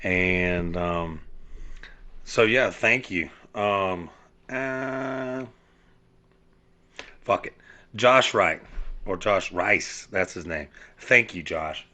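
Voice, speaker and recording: Man, podcast host, rambling casual monologue, cussing, lots of fillers, somewhat low voice. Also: lively intonation, drawn-out words, long pauses, bright, forceful tone. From South Georgia, USA. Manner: rambling, profane, many fillers and restarts.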